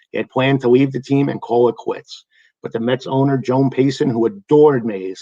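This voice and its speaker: New man, baseball history host, eager storyteller, mid pitch, dry and slightly muffled mic. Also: a little mellow, no echo. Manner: enthusiastic storyteller, reads lineups in a sing-song list. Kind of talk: scripted retelling of a past game.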